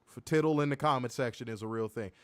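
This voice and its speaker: Guy, mid-pitched, swears a lot, lively recap host on a dry close mic. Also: fast talker, no room sound. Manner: profane, animated, reads viewer comments aloud. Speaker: podcast co-host. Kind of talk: casual wrestling review chat.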